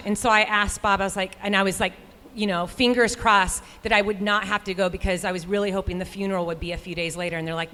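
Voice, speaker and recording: A woman's voice: mid-range voice, little pitch movement, fast talker, sharp tone. Earnest woman telling a story in a reverberant hall. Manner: earnest, heartfelt storytelling with quoted inner thoughts. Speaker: professional runner and guest speaker. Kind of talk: personal storytelling talk at a live show. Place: live stage event in a large hall. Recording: long reverb of a live venue.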